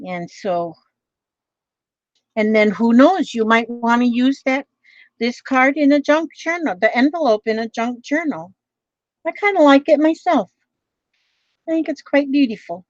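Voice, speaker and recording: Woman craft vlogger, chatty and rambling, slightly high voice, dry and dull home recording. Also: no echo. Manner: rambling, chatty, many fillers. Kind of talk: casual chat.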